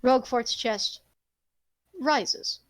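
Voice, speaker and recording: A woman's voice: fairly high pitch, drawn-out words, no room sound. A woman narrating a tabletop game as the game master. She rambles expressively and swears casually.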